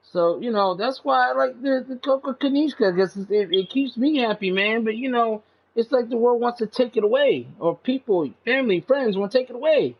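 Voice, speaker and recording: A high-pitched man rambles in a casual, profane monologue, dropping "man" into his sentences. His voice jumps up sharply when he gets indignant. The recording sounds dull and lo-fi. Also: expressive, moderate pace. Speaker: channel host.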